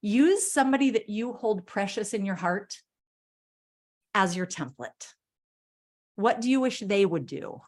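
A woman's voice: medium pitch, expressive, measured pace, long pauses, a little mellow. A middle-aged woman, a self-love coach, giving an enthusiastic motivational talk to a group and acting out little quotes in a playful way.

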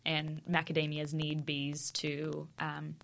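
Woman in her 30s, podcast co-host, chatty and laughing, lowish pitch. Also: monotone, slow pace, gravelly, fairly bright tone, a little hiss or hum. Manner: chatty storyteller, laughs often. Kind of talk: casual chat.

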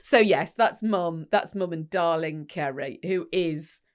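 A woman's voice: lowish voice, slow pace. A woman co-hosting a podcast, rambling through anecdotes with lots of fillers and little acted-out voices. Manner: chatty, rambling, many fillers, acts out voices. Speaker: podcast co-host. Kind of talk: casual chat, storytelling.

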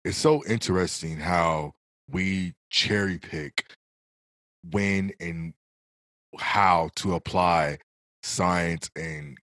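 A man in a casual conversation, speaking in a measured, earnest way as he makes his case. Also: low voice, a bit bright, no echo.

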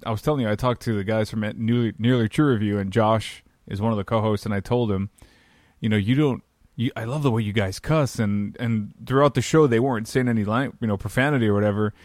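A man hosting a podcast in casual chat, enthusiastic and quick to laugh, often repeating words as he starts sentences. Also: fairly low pitch, a little mellow, no echo, studio quality. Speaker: podcast host.

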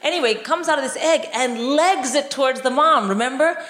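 A middle-aged woman from India doing animated live stand-up comedy, often shouting and mimicking voices. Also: high voice, fairly quick. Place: large live venue with audience. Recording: echoey hall, loud crowd laughter.

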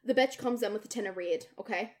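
A young woman co-hosting a podcast, telling a wild story in casual chat, animated and swearing freely as she acts out the people in it. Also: medium pitch, quick pace. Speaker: podcast co-host.

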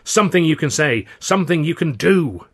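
A man voicing a bluff, excitable older troupe manager who booms and urges the others on, with a husky voice. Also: moderate pace, full character voice. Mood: urgent. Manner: booming, urgent, hearty.

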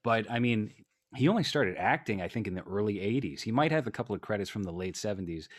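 A man's voice: on the low side, lively intonation, fast, dry recording, clean studio sound. A man co-hosting a casual film discussion, speaking bluntly and with profanity. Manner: blunt, profane, acts out characters in quotes. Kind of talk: casual movie review chat.

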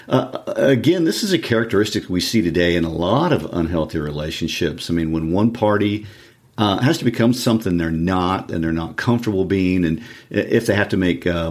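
A man co-hosts a podcast and discusses a novel. His voice is very low, and he speaks in a measured, analytical way. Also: darkish tone. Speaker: podcast co-host. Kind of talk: casual book discussion.

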